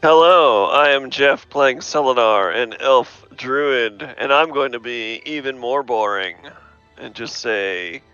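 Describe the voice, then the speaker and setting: Brief: male player, deadpan, smooth bright voice, muffled lo-fi sound. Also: mid-range voice, slow, soft background music. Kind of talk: casual tabletop game chat.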